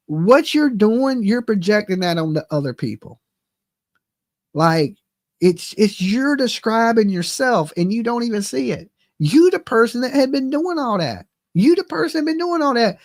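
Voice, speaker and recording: This man's voice is very high-pitched, captured in a dry, studio-quality recording. Speaking with a Southern US accent, he hosts a channel and rants heatedly in reaction, repeating himself and tossing out "okay?" again and again.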